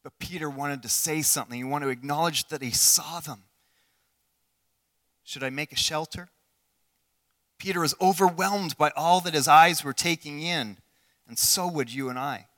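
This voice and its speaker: A man preaching a sermon in an earnest way, asking the listeners questions and swinging between loud passages and hushed ones. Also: on the high side, normal speed. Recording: long hall reverb.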